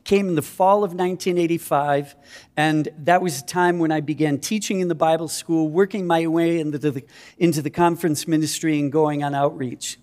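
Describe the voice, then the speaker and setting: A man in his fifties from Minnesota tells a personal testimony as a missionary speaker. His voice sits a little high for a man. He talks in an earnest, self-deprecating storytelling way. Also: fairly even intonation, moderate pace, a little mellow. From Minnesota, USA.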